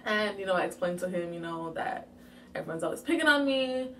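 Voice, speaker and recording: A young woman from Jamaica telling a casual story-time vlog, animated and full of playful asides. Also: mid-range voice, fairly quick, distant mic, a little hiss or hum. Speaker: vlogger.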